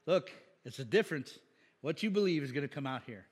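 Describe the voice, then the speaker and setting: A man preaching a sermon as a pastor, casual and jokey, laughing often and climbing to loud, emphatic peaks. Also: a little high, expressive, normal speed, husky, big-room sound. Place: church sanctuary.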